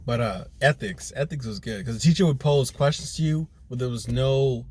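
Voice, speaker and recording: A man's voice: mid-range voice, normal speed, a little mellow, slight background noise. Man, casual podcast chat, swears a lot, rambling storyteller, laughs easily. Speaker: podcast co-host.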